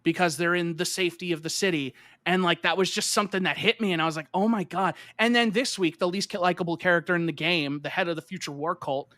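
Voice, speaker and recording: A man with a high, bright, fairly sharp voice chats casually on a gaming podcast. He rambles with plenty of filler words and curses, and turns heated and emphatic when something bothers him. The sound is close and dry. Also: steady tone, fast talker, no room sound. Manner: rambling, full of "like" and swearing. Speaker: podcast co-host.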